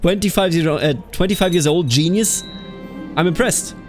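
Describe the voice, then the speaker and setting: A Bavarian man with a high voice speaks at normal speed over faint background music. He hosts a strategy game let's play, chatting casually, reading game events aloud, and letting out animated, exasperated outbursts while calling people dude.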